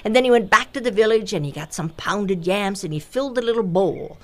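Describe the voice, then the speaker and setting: A woman telling a folktale aloud, expressive and rhythmic, with repeated phrases. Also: mid-range voice, brisk. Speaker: storyteller. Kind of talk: oral folktale storytelling.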